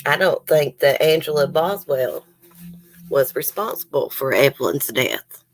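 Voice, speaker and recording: A woman with a deep voice hosts a true crime livestream from home near the case area. Animated but speaking a little slowly, she is emotional and near tears, sighing as she talks to viewers in the chat. Soft music plays in the background.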